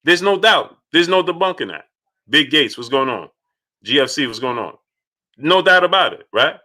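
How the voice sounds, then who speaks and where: A man's voice: fairly high pitch, animated, normal speed, pushed and bright. A man hosting a live boxing talk stream. He greets chat viewers by name and repeats his points with emphasis. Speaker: boxing channel host.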